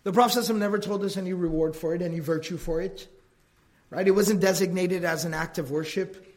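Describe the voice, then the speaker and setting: A man with a notably high voice lectures a religious class in an easy, talky way. He keeps asking "right?" and slips into quick impressions of the people he quotes. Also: steady tone, darkish tone. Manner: acts out quoted remarks. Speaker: religious teacher.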